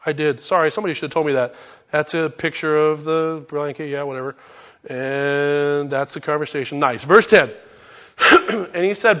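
A middle-aged male preacher with a fairly high voice teaches scripture in a relaxed, conversational way. He slips into folksy asides, then jumps into loud bursts when he acts out a line. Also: normal speed. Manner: animated, acts out characters' lines in sudden loud bursts. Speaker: pastor teaching a Bible study. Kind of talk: sermon.

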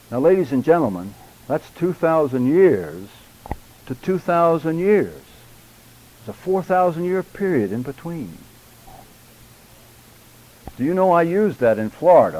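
An older man teaching a church public speaking class, deliberate and emphatic, addressing his students directly. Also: mid-range voice, warm tone, rough recording.

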